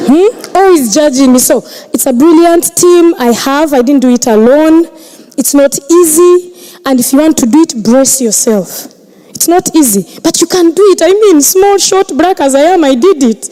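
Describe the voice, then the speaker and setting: A woman's voice: high-pitched, expressive, normal speed, mellow, rough recording. A woman comedian answering audience questions on stage in a joking, self-deprecating conversational way.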